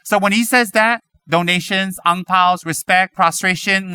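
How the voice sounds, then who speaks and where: High, bright-voiced man giving a dharma talk. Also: unhurried, clean tone. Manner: animated, rhetorical questions, mimics others' voices. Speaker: Buddhist teacher.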